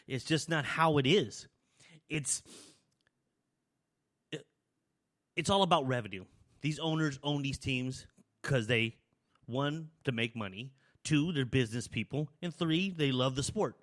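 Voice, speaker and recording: A man hosting his own talk show, giving a rambling, conversational opinion monologue with frequent restarts, a little out of breath. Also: mid-range voice. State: slightly out of breath. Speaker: podcast host.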